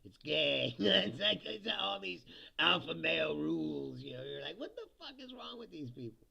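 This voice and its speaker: A man's voice: fairly high pitch, expressive, moderate pace, creaky, a crowd in the background. A man hosting a livestream, ranting casually about politics, laughing often and mocking people in put-on voices. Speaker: livestream host.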